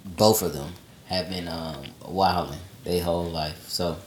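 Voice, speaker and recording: A man co-hosting a podcast, telling family stories in animated casual chat with low asides. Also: unhurried, reverberant, slight background noise. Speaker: podcast co-host.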